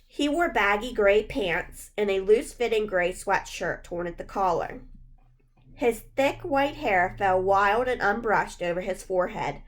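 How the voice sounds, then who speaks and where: A woman reads a spooky children's novel aloud, in steady, measured first-person narration. Her voice sits at a middle pitch, neither high nor low, and she keeps an even, unhurried reading pace. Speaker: audiobook reader.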